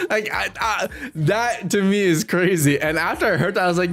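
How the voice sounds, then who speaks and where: A man's voice: high voice, a little slow, fairly bright tone, faint music behind. A young man giving rambling, casual live-stream commentary, laughing often and using lots of fillers while greeting his chat.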